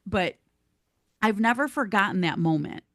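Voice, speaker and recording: A woman co-hosting a podcast, telling stories in an animated, casual way and laughing easily. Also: mid-range voice, normal speed, no room sound, studio quality. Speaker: podcast co-host.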